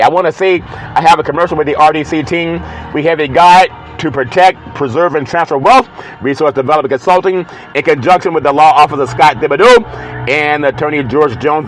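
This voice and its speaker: A man hosting a sports talk show, chatting playfully and reading a live ad with bursts of loud excited exclamations. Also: medium pitch, low-quality recording. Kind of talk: casual talk show monologue with live ad read.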